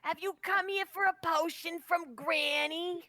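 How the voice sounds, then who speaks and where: A woman's voice: very high voice, steady tone, a little slow, sharp tone, no echo, pitched above the performer's own voice, full character voice. Granny, a woman doing a folksy old potion witch. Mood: sly doting. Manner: sweet-talking, folksy.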